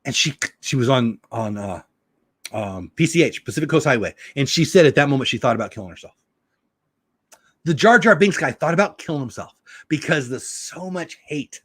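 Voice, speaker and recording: A middle-aged man hosting a casual live-stream chat, animated and talkative, with a slight sore throat. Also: medium pitch, slightly rough, no echo, studio quality. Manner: animated, chatty, reads chat aloud. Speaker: live show host.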